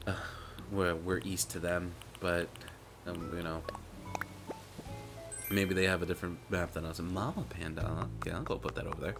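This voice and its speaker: Deep-voiced man chatting casually. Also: fairly even intonation, normal speed, vocal fry. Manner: rambling, profane, laughs often. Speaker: streamer. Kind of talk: casual chat while gaming. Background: music.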